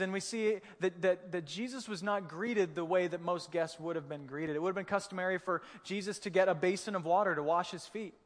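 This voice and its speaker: A man preaching a sermon, a pastor telling the story in a casual, humorous way with vivid detail. His voice sits high for a man. The sound rings with the long reverb of a big hall.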